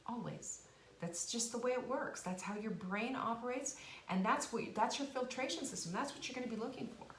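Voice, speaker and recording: A woman's voice: a little high, fairly quick. A woman hosting a casual motivational live stream, chatty and encouraging, with frequent restarts and asides. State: sniffly from dust, coughing now and then. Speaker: host of a cooking and life show. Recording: roomy home live stream, faint hiss.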